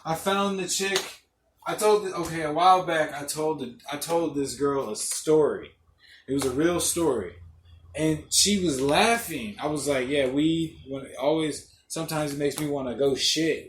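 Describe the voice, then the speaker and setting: A young man hosts a podcast by himself, telling rambling, profane stories and laughing often in a casual monologue. His voice is fairly high and his speed normal, recorded in an echoey room with faint noise.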